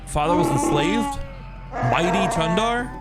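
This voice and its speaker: A man's voice: high-pitched, sing-song, a little slow, over loud music. A man reading as a bitter exiled Wookiee. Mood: defiant. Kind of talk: reading game dialogue aloud in character.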